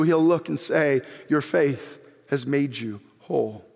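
A man preaching an animated sermon as pastor, reading scripture aloud and acting out the people in it. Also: a little high, slow, vocal fry. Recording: long hall reverb.

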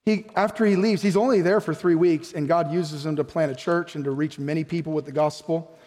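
A man's voice: on the high side, fairly even intonation, fairly quick, darkish tone, big-room sound. A man preaching a sermon as pastor, emphatic, often putting questions to the congregation. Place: church sanctuary.

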